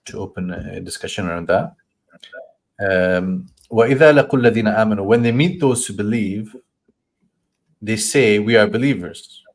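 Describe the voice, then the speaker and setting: A man with a slightly low voice leads a scripture study class. He talks in a considered way, stopping for fillers and restarts as he works through meanings. Now and then he runs through a verse in a quick recited flow. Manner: thoughtful, stops to search for words, acts out voices in quoted lines; recites Arabic verses in a quick flowing chant. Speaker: Quran teacher. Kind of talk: scholarly explanation in a study session.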